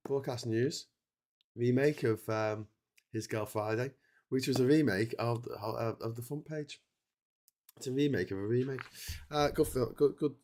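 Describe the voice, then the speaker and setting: A middle-aged man talking casually into his streaming mic, worn down from hours on air. He rambles, cuts himself off and restarts, and slips into little mock dialogues. His pitch sits right in the middle for a man. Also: darkish tone. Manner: rambling, self-interrupting, chatty with mock-quoted dialogue. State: tired from a long livestream. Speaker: livestream host. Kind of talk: casual livestream chat. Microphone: streaming setup mic.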